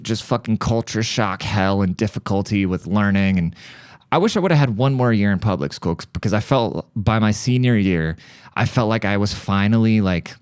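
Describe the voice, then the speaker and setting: A low-voiced man from Germany, native German, ranting sarcastically on his comedy podcast. His voice is smooth and resonant, and the recording is close and dry. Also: dry recording. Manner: profane sarcastic ranting with mocking put-on voices. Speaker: podcast host.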